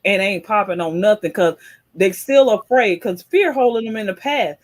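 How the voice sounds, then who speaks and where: A woman's voice: mid-range voice, expressive, normal speed. Blunt, emphatic woman talk-show host. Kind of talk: casual radio talk.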